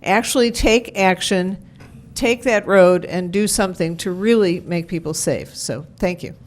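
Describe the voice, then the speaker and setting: A woman's voice: fairly low pitch, a little slow. A woman giving public comment, earnestly urging the council to take action.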